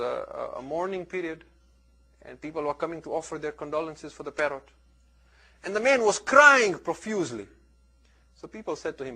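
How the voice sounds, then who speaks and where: A man giving a religious lecture, telling stories in an earnest, animated way with big swings between loud and soft. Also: high-pitched. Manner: earnest, animated storytelling with wide swings in loudness. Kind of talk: sermon with storytelling.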